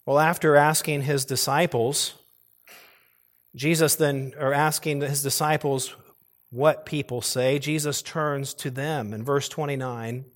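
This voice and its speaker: A man's voice: mid-range voice, steady tone, a little slow. A male pastor preaching a sermon earnestly, pressing hard on key words and now and then restarting a phrase. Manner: occasional restarts and repeated phrases.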